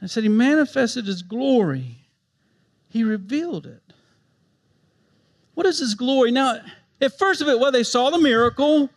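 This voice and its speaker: A man preaching a sermon, swinging from hushed, gentle passages to emphatic, impassioned ones. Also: very high voice, sing-song, unhurried, long pauses. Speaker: pastor.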